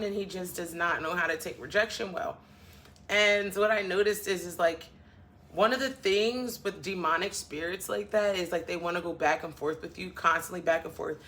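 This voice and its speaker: Sassy woman venting, bright voice. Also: fairly low pitch. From northern US. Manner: blunt, sassy, fast asides, talks to viewers as y'all. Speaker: vlogger. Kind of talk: casual chat to camera.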